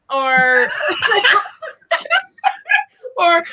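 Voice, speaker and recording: A woman's voice: extremely high pitch, lively intonation, a little slow, bright, forceful tone, low-quality recording. An American woman in casual chat as co-host, giggly and often breaking into laughter. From United States.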